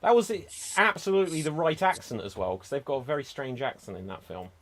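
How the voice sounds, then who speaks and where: A man hosting a live improv show over a video call, chatty and lively. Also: fairly high pitch, fast.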